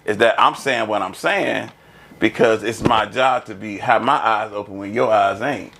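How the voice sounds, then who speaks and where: A man hosting a casual panel discussion, animated and laughing often as he talks. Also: fairly low pitch, moderate pace, gravelly, noisy background. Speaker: podcast host.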